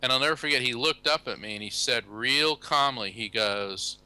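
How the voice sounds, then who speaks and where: An American man, a guest on a talk show, telling anecdotes in a casual, animated way and acting out the people he quotes. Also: mid-range voice, moderate pace, hardly any pauses, clear, resonant tone, low-quality recording. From USA. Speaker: guest, psychic medium and lawyer. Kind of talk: casual storytelling interview.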